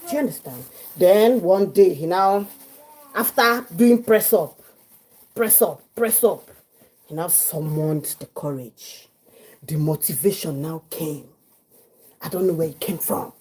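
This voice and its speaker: Lively Nigerian woman telling a story. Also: fairly low pitch, unhurried, slightly rough, poor audio. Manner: lively, acts out quotes, mixes in pidgin. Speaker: livestream host. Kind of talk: chatty storytelling. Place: home kitchen.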